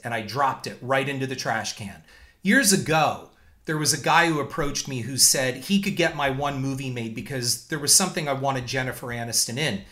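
A man's voice: mid-range voice, fairly quick, bright, forceful tone. A man hosting a show and telling stories from his career, firm and indignant, laying out his points one by one. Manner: emphatic, lays out points in numbered order. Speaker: filmmaker and show host. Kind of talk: storytelling monologue.

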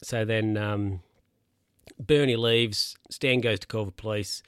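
A man's voice: fairly low pitch, fairly even intonation, slow, smooth, dry recording, clean studio sound. A man casually recapping a film plot, rambling with lots of fillers and corrections.

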